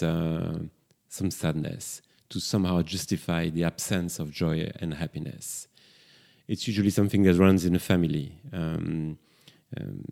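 A man's voice: sits low, vocal fry, dark tone. A middle-aged male therapist speaking in a reflective talk, hesitant with frequent fillers and restarts.

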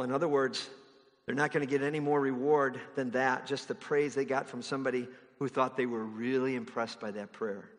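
A man's voice: medium pitch, steady tone, moderate pace, in a large hall. A man preaching a sermon in a conversational way, now and then mimicking others in exaggerated voices. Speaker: pastor.

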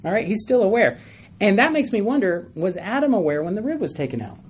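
Give me a man leading a Bible study, relaxed and talkative, with faint background noise. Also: high-pitched, fast. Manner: conversational, asks the group questions, tells stories with laughs.

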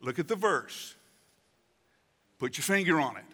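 A man's voice: fairly high pitch, expressive, a little slow, long pauses, sharp tone. A man in his sixties preaching a conversational sermon as pastor, acting out voices for emphasis. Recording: reverberant hall.

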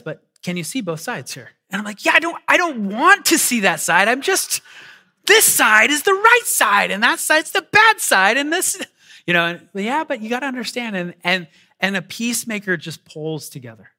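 A man preaching a sermon to a congregation, animated and repeating words as he goes. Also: on the high side. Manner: animated, repeats words, acts out quoted voices. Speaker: pastor. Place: church hall before a congregation.

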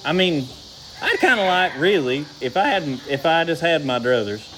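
A man's voice: mid-range voice, fairly bright tone, a little hiss or hum, poor audio. A man preaching a sermon in a folksy, conversational way, asking the congregation questions. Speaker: pastor.

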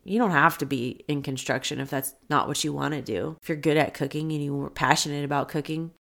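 A woman with a low voice and a gravelly edge speaks as a podcast host. She talks in an earnest, encouraging way, telling stories to motivate her listeners. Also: steady tone, fairly quick, fairly bright tone. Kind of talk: motivational podcast talk with a personal story.

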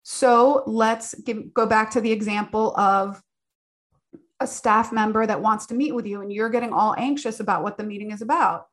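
Woman, 40s, slightly high voice, earnest, chatty advice talk. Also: moderate pace. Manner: earnest, conversational, with many filler "like"s. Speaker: business owner sharing advice.

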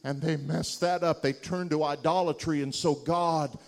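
A man preaching a sermon, telling a story and building to loud, impassioned peaks with repeated words for emphasis. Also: fairly high pitch, steady tone, normal speed, creaky.

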